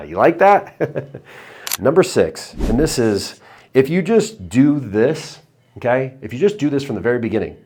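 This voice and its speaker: A man teaching hypnosis in a video lesson, chatty between guided breathing cues, then slowing into a low, drawn-out voice for suggestions. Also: very animated, darkish tone. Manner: drops into slow low trance voice for suggestions; conversational, upbeat between demonstrations.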